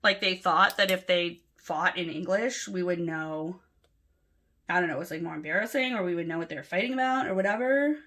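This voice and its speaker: Speaking briskly in a lowish voice, a woman from Los Angeles chats casually with an LA accent while filling in her planner. It's a relaxed plan-with-me vlog, and she's soft-spoken and chatty, with some rambling and filler words.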